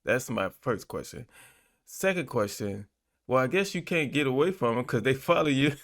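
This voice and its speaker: A man's voice: mid-range voice, animated, normal speed, a bit bright. Guy host, voice jumps all over, playful joking reactions. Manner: playful reactive commentary with laughter. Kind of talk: casual chat.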